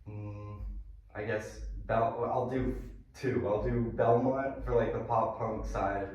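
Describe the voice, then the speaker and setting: Young male guest, lower voice, enthusiastic and rambly, distant mic, echoey room. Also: fairly even intonation, slow, a little mellow, dull audio. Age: young adult. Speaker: band guitarist, guest. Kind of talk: casual interview.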